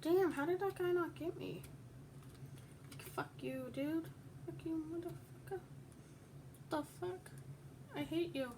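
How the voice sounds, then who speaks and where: A woman's voice: very high voice, expressive, measured pace, pauses often, very noisy. A young woman commenting on her own game play, swearing and screaming in fury at other players. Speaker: gamer. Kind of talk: gaming commentary.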